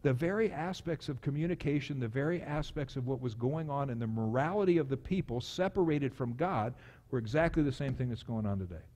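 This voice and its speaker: A middle-aged man preaching a sermon as pastor, lively and acting out quotes with sudden jumps in pitch. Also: a little fast. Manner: animated, acts out quotes with big pitch jumps. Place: church sanctuary. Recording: long church hall reverb.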